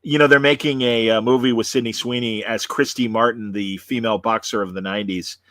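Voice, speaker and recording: A man's voice: mid-range voice, steady tone, a little fast, fairly bright tone, no echo. A man hosting a casual online talk show, rambling with many fillers and restarts as he chats and signs off. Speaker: host. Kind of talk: casual chat.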